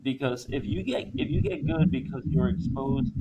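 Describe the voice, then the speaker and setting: A man's voice: medium pitch, huge pitch swings, normal speed, gravelly, dull audio. Chatty male co-host over background noise. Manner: chatty, rambling, with fillers and laughs. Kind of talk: casual interview chat. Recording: noisy, clicking background.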